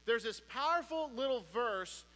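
A man's voice: very high-pitched, animated, normal speed, pushed and bright. A man preaching a sermon who tells a joke casually, with frequent restarts and chuckles. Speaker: pastor. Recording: long reverb of a large hall.

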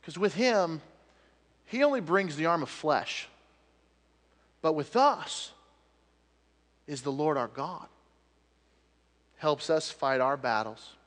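A male pastor preaches with animated storytelling, then drops to soft, earnest appeals. His voice sits a little high for a man. It carries the long, rolling echo of a large hall. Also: takes it slowly, long pauses. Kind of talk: sermon.

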